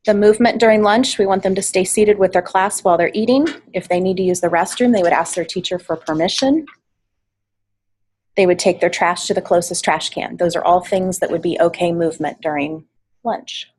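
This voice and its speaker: A woman's voice: on the low side, fairly quick, a little mellow, a little hiss or hum, poor audio. A woman coordinating volunteers, giving a practical training talk with frequent fillers, speaking to a room and an online meeting. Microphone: online meeting mic, at varying distance.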